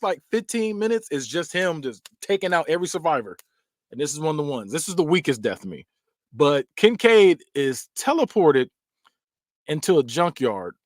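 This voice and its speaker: A man's voice: a little high, no room sound, studio quality. A man hosting a podcast, casually recapping and ranking film scenes in loose, slangy storytelling. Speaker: podcast host.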